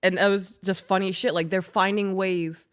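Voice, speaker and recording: A podcast co-host talks bluntly in casual chat, swearing frequently and laughing as she tells her stories. Her mid-range voice shows little pitch movement and moves at a normal speed.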